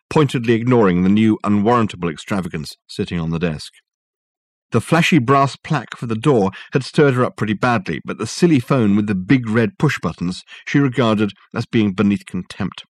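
A male audiobook narrator reads a novel in a dry, measured storytelling style. His voice is on the low side, and the scripted narration has no echo.

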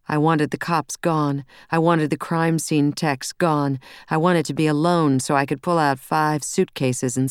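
A woman reading a first-person novel aloud in a brisk, wry, intense storytelling manner, close on a studio mic. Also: sits low, clean tone, no echo. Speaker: audiobook narrator.

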